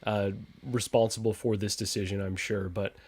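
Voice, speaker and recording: A man's voice: lowish voice, fairly even intonation, moderate pace, a little mellow, slightly rough, no echo. A man hosting a casual livestream chat, reading out viewer comments and trading sarcastic jabs with a laugh. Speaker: podcast host reading live chat.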